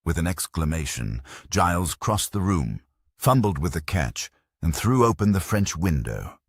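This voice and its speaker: A man reading a mystery novel aloud as narrator, with measured storytelling delivery. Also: low-pitched, sing-song, gravelly, slightly rough, no room sound, clean studio sound. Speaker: audiobook narrator.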